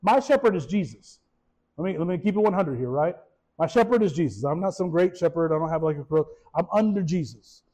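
A man, a pastor, giving a casual, animated sermon, often repeating words and asking his listeners questions. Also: on the high side, fairly quick, rough recording. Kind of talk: conversational sermon.

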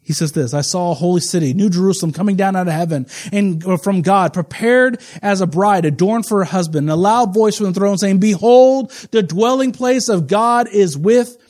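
A man in his forties preaching a sermon as pastor, shifting between quiet, confiding asides and slow, emphatic, rising proclamation. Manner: swings from low, intimate asides to loud, slow, emphatic proclamation.

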